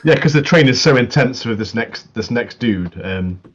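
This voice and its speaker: A man's voice: medium pitch, expressive, normal speed, dull audio. A man casually chatting about anime as a podcast co-host, agreeable and often answering "yeah". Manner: agreeable, many "yeah"s, chuckles between points. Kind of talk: casual anime recap chat.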